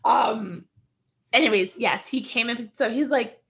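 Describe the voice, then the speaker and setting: Young woman, American, casual podcast chat, animated, high-ish voice. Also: unhurried. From United States. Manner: animated storyteller, laughs often, acts out quotes. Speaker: podcast co-host.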